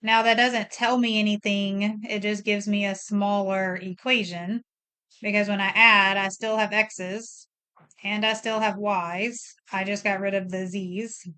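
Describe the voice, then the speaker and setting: A woman's voice: mid-range voice, flat delivery, unhurried, sharp tone, smooth. A middle-aged woman teaching a recorded math lesson, explaining each step plainly and thinking aloud as she works.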